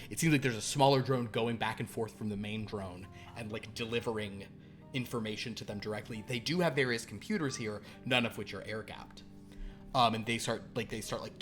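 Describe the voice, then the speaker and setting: A man narrating as game master in a tabletop horror game, with a loose manner full of fillers. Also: medium pitch.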